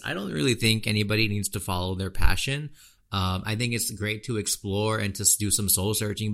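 A man's voice: lowish voice, fairly bright tone. A man hosting a podcast, talking in a blunt, slangy, ranting way. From United States. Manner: blunt, slangy, ranting with lots of "dude" and "you know". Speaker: podcast host. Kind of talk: casual podcast monologue.

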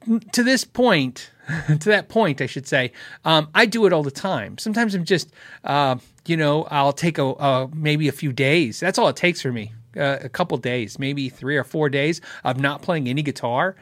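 A man hosts a relaxed live Q&A, answering viewer questions as he rambles, corrects himself, and chuckles often. His voice is fairly high and a bit bright, at a moderate pace, captured in clean studio sound with no echo.

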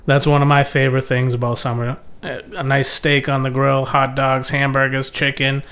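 A man's voice: mid-range voice, monotone, normal speed, creaky, fairly bright tone. A young man co-hosting a podcast, jokey and playful, steering the talk into topics. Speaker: podcast co-host. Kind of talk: casual chat.

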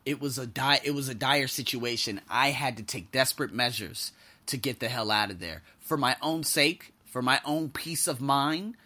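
A man telling a personal story in casual vlog style, acting out the voices of people he quotes and swinging from loud outbursts to quiet asides. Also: mid-range voice, moderate pace.

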